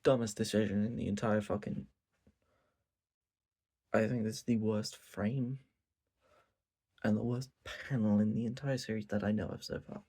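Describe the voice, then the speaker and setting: A man's voice: fairly low pitch, normal speed, long pauses, breathy edge. A man ranting casually and profanely about a show late at night. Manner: animated, profane, repetitive ranting. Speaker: anime reviewer.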